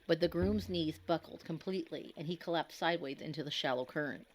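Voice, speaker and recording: A woman narrating a scripted horror story in a grave, measured, dramatic way. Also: low-pitched.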